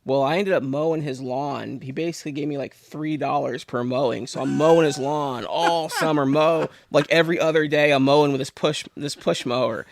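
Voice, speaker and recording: A man from Pennsylvania telling a rambling, animated story as a podcast guest, full of restarts. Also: a little high, brisk, creaky, hardly any pauses, slight background noise. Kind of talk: casual storytelling.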